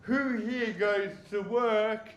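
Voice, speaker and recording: Man, stand-up comic, very high voice, slow deliberate pace, echoey room. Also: fairly even intonation, fairly bright tone. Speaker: stand-up comedian. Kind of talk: live stand-up set. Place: comedy club stage with live audience. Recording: echoey club room with audible ambience.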